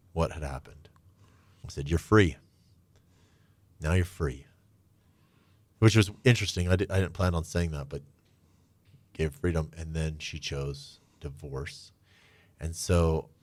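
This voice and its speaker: A middle-aged man telling his own story candidly and reflectively, his voice often trailing off soft and low. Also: no room sound. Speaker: guest.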